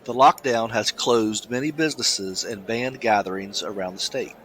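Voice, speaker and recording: A man co-hosting a casual podcast, talking in halting starts and restarts and reading a news story aloud. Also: lowish voice, a bit bright. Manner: halting, many restarts, laughs easily. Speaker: podcast co-host.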